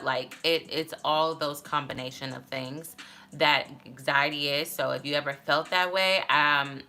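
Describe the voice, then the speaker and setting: A woman talks candidly to her phone camera, giving casual advice in a rambling way. Her voice sits low but has a bright, forceful edge. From Texas. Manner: candid, rambling, many fillers. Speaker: vlogger.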